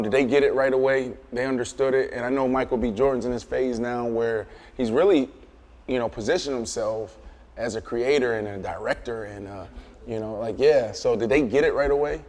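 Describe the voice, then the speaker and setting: A man's voice: mid-range voice, a little mellow, long reverb tail. A man hosting an interview, thankful and asking his guest questions. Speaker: host.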